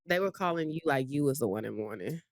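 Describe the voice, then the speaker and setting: A woman's voice: rumbling low, lively intonation, quick pace. A woman, a podcast co-host, chiming in with agreement and questions during casual chat.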